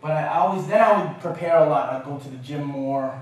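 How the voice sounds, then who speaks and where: A man giving a university talk, telling an animated, self-mocking story. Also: on the high side, fairly quick. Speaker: guest speaker. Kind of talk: lecture storytelling. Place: university lecture room. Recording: echoey lecture hall from far off.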